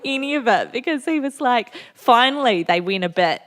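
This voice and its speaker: A woman's voice: on the high side, expressive, normal speed, fairly bright tone. A woman in her thirties with a New Zealand accent, a guest author telling candid, funny stories on a festival stage. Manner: candid, funny storytelling with frequent laughter. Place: festival venue before an audience.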